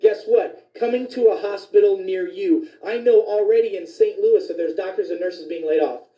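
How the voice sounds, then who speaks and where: A man's voice: high voice, normal speed. A man who is a physician, ranting indignantly with profanity in a commentary video. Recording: distant, echoey, dull lo-fi sound.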